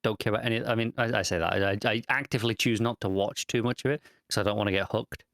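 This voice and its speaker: A man co-hosting a casual TV podcast, quick, blunt and joking. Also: fairly low pitch, fairly even intonation, a bit bright, dry recording, studio quality. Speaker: podcast co-host. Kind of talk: casual chat.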